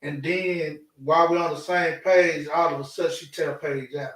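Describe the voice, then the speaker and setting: A man co-hosts a casual live chat with a slightly high voice. He talks bluntly and repeats himself for emphasis. His voice carries an echo, as if he is sitting a little back from the mic. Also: steady tone, moderate pace, fairly bright tone. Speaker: co-host. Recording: echoey room, distant mic.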